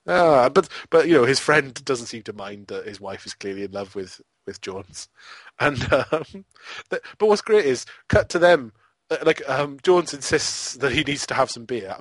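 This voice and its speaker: A man's voice: mid-range voice, measured pace, a bit bright, dry recording. A man co-hosting a podcast, rambling through a film review in a casual, amused way and often breaking into laughter. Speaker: podcast co-host.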